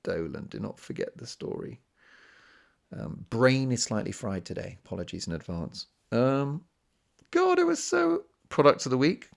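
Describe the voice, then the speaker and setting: A man's voice: mid-range voice, wildly swooping pitch, moderate pace, vocal fry. A man from Britain hosting a solo podcast, talking in a chatty, self-mocking way with rambling asides. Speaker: podcast host. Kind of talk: casual solo podcast monologue.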